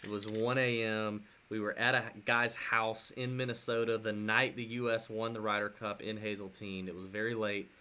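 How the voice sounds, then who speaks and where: A man co-hosting a casual sports podcast, telling animated stories with lots of fillers and restarts. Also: fairly low pitch, moderate pace, few pauses, a little hiss or hum. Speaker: podcast co-host.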